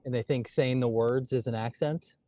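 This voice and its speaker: A man playing golf and co-hosting a livestream outdoors, talking in a relaxed, dry, joking way. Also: mid-range voice, moderate pace, dry recording. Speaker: golf livestream co-host and player. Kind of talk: casual on-course chat.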